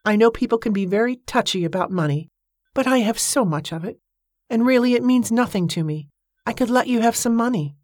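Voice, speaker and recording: A woman doing a gentle wealthy older lady. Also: fairly high pitch, expressive, fairly quick, no echo, studio quality, voice pushed up. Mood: kindly. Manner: soft, fond, motherly.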